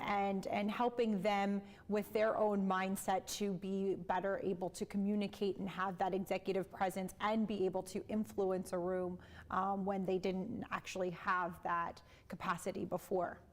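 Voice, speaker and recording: Woman interviewer, encouraging, conversational, often voices agreement. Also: mid-range voice. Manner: warm affirming listener, many small agreements.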